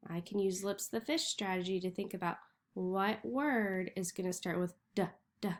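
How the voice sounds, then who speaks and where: A woman teacher giving a reading lesson to young children, slowly sounding out letters and words. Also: medium pitch. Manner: slow, clearly sounding out letters.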